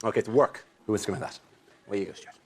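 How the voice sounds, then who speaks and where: Brisk male game show host. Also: fairly low pitch, husky. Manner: brisk, announcing rounds. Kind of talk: scripted game show hosting. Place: TV studio with audience. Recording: loud studio audience noise.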